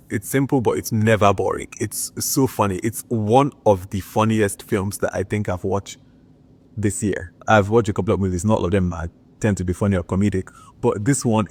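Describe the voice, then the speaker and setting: A man chatting enthusiastically in a casual movie review, filling his talk with "like". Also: fairly low pitch. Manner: chatty and enthusiastic, with frequent filler "like".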